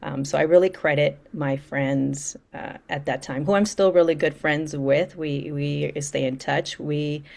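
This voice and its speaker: A middle-aged woman, an interview guest from Central California, speaking reflectively with frequent restarts and soft laughs. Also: low-pitched, steady tone, unhurried, gravelly, few pauses. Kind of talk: interview conversation.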